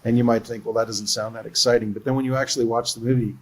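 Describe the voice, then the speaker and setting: A man's voice: medium pitch, steady tone, fast talker, rough recording. A man who is a film producer, telling earnest stories about a production in a livestream interview.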